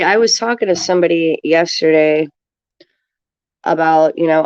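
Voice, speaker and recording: A woman with a low, dark voice talks casually to her viewers, rambling and stacking fillers. The sound is dull and lo-fi. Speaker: livestreamer answering chat.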